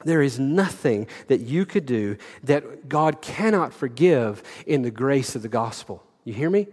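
A man's voice: mid-range voice, a little mellow. A middle-aged male pastor preaching an earnest sermon, repeating words and asking the congregation direct questions. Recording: long hall reverb.

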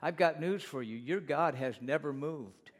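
Man, pastor, fairly high-pitched, emphatic church sermon, repeats lines, talks to the congregation. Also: measured pace. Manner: preaching with emphatic repetition, addressing the congregation.

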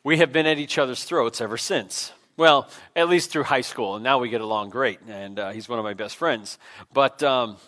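Male pastor, mid-pitched, informal self-deprecating sermon delivery in a church. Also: normal speed, fairly bright tone. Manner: conversational, self-deprecating, with frequent fillers and restarts. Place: church sanctuary.

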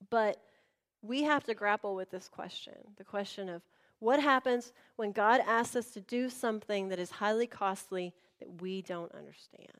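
A woman pastor preaching a sermon, telling a personal story with animated, acted-out dialogue to a congregation. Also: mid-range voice. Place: church before a congregation.

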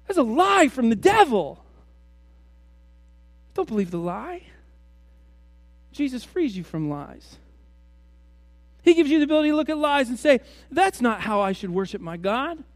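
A male pastor with a high-pitched voice preaches in a conversational style, throwing rhetorical question after question at his congregation. The sound is dry and close, with almost no room echo. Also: very animated, normal speed, long pauses. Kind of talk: sermon.

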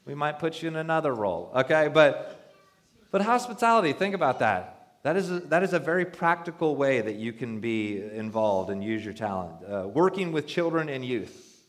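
A male pastor preaching a sermon in a conversational, joking way, acting out quoted voices. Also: a little high.

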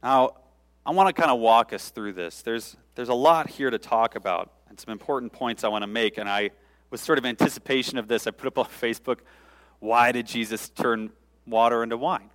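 A man's voice: mid-range voice, a little fast, a bit bright. A man preaching a sermon, explaining scripture in a conversational, informal way with frequent asides. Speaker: pastor.

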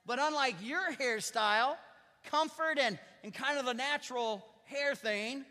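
A pastor preaching from the pulpit, talking to the congregation like a conversation and then leaning hard on the words that matter. His voice sits very high and sounds bright and cutting. The sanctuary adds a long trailing reverb. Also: unhurried, faint music behind. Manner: conversational preaching with emphatic rising stresses. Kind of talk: sermon. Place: church sanctuary. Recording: church hall reverb.

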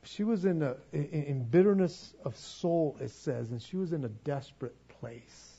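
A man's voice: a little high, normal speed, dark tone, slightly rough, lo-fi sound. A man preaching a sermon as pastor, earnest and pleading, often stumbling over repeated words.

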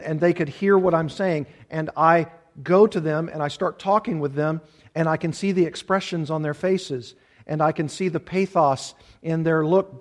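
A man's voice: on the high side, a little mellow. A man preaching an earnest expository sermon, repeating key phrases for emphasis. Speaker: pastor.

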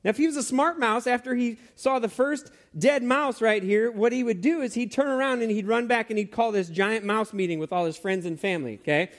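A man preaching a sermon who tells stories in an animated way, with many fillers and restarts. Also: very high-pitched, brisk, few pauses.

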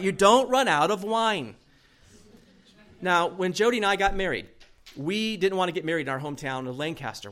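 A man's voice: a little high, a bit bright. A middle-aged male pastor giving a sermon, telling a personal story with humor and acting out the people in it. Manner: humorous storytelling, acts out quoted voices.

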